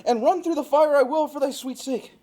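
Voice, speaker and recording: A woman's voice: sits high, brisk, dark tone, close to an everyday voice. A woman playing a fickle young male lover, playful and hamming it up, in an amateur Shakespeare reading. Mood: ardent.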